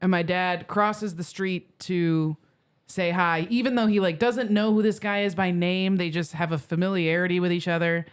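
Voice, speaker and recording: A woman's voice: on the low side, fairly even intonation, moderate pace, clean tone. A woman comedian telling a long anecdote in a casual podcast chat, with plenty of likes and ums. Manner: rambling anecdote full of "like" and "um" fillers. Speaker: comedian guest.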